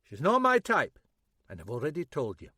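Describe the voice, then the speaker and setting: A man's voice: fairly high pitch, wildly swooping pitch, normal speed, bright, forceful tone, husky, dry recording, studio quality, pitched above the performer's own voice, heavily acted. A man voicing a defensive, nervous man whose voice wavers. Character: evasive, nervous middle-aged man. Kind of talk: audiobook character voice.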